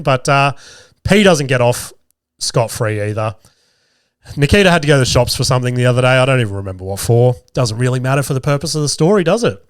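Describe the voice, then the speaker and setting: A man's voice: mid-range voice, no room sound, clean studio sound. A man, telling casual stories as a podcast host, swearing freely and acting out quoted lines. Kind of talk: casual storytelling.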